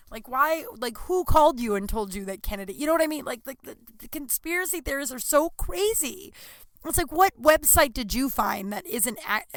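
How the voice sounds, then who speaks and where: A young woman hosts her own podcast in a loose, rambling way, swearing freely as she tells stories. Her voice is bright and sharp, recorded close and dry with no room sound. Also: medium pitch, no echo. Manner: rambling, profane, animated storytelling with frequent laughs. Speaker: podcast host. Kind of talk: casual solo podcast chat.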